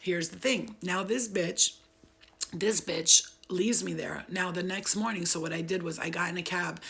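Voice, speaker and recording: A young woman from upstate New York spinning a wild story with loose street slang and plenty of cursing. She keeps breaking into laughter. Her voice is gravelly and husky. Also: lowish voice, steady tone, moderate pace, fairly bright tone. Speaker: vlogger. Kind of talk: casual storytelling.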